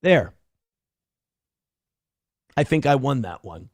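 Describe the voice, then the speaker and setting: A young man hosting a live show, reading donation messages and ranting with heavy swearing in fast, heated bursts. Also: mid-range voice, very animated, vocal fry, no room sound, clean studio sound. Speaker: livestream show host. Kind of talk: profane political rant and chat reading.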